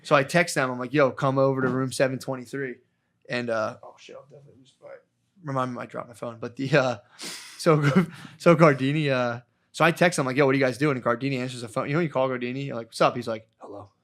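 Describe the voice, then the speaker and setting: A man on a podcast spins a rambling, foul-mouthed story, jumping into the voices of the people in it. His voice sits at an ordinary middle pitch, and his talk is loose and conversational. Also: fairly even intonation, fast talker, a bit bright. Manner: rambling, profane, acts out quotes. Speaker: podcast co-host. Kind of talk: casual storytelling chat.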